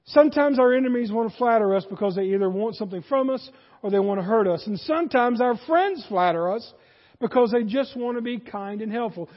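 A man with a very high voice preaching a sermon, pushing his lines up with force and then sinking low to make a point. The sound is dull and carries a long church reverb. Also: fairly quick. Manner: animated preaching, rising in force and dropping low for emphasis. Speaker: pastor.

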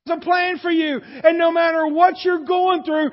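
A male pastor preaching a sermon, animated, swinging between shouts and hushed asides. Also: very high voice, normal speed, few pauses. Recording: dull sound, long hall reverb.

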